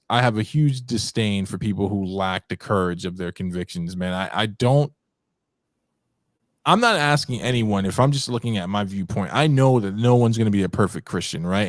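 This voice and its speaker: A man hosting a casual debate talk show, animated, repeating himself and rising in pitch as he makes his points. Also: no room sound, studio quality. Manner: repeats words often, lots of filler. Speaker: show host.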